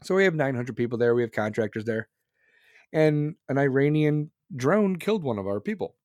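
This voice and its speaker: A man's voice: mid-range voice, expressive, moderate pace, a little mellow, dry recording, studio quality. A male podcast host ranting about politics in a blunt, profane, heated way. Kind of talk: opinionated political rant.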